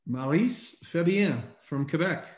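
A man co-hosting a live online recognition event, reading out names in an upbeat way and often clearing his throat, speaking over a video call. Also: on the high side, lively intonation, takes it slowly, darkish tone, lo-fi sound. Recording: echoey room on a video call.

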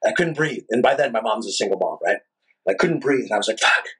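Husky-voiced man telling a story. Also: mid-range voice, quick pace, poor audio. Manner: animated, profane, rambling anecdotes. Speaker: rock singer, guest. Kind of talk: casual storytelling interview.

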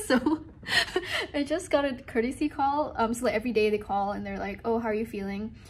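A woman's voice: fairly high pitch, moderate pace. A young woman from Singapore chatting casually in a hotel room video diary, rambling and upbeat, filmed on a handheld phone. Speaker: vlogger. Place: small hotel room, indoors.

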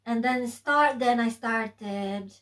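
A woman's voice: on the high side, fairly bright tone, rough recording. Chatty woman co-hosting a vlog. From Philippines. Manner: chatty, halting, restarts sentences. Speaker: vlog co-host. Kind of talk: casual chat to camera.

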